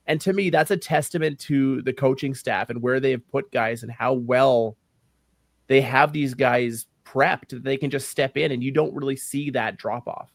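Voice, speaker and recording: A man's voice: on the high side, vocal fry, dry recording, clean studio sound. A man co-hosting a podcast, chatting casually about football. He is opinionated and sometimes searches for words. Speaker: podcast co-host. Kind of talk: casual sports chat.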